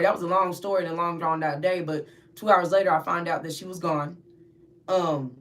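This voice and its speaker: Woman telling a vivid story, low voice. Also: fairly bright tone. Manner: vivid retelling, acts out others' voices, repeats words when upset. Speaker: interview guest. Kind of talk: emotional personal storytelling.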